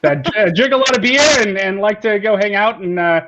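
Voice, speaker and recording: A man's voice: high-pitched, expressive, brisk, background noise. A man co-hosting a football podcast, chatting in an easygoing, joking way with lots of fillers. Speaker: podcast co-host. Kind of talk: casual podcast chat. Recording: dull lo-fi remote audio.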